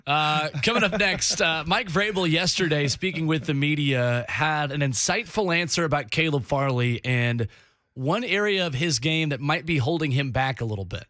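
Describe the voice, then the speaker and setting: Bright-voiced man hosting sports radio. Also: fairly high pitch, no room sound, clean studio sound. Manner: brisk, promotional, on-air. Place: radio studio.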